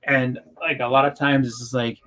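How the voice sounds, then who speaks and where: A man with a thick Boston accent, co-hosting a podcast in casual chat, talking in quick, stumbling bursts full of fillers. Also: medium pitch, level tone, bright, forceful tone. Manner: rapid, stumbling delivery with many fillers. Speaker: podcast co-host.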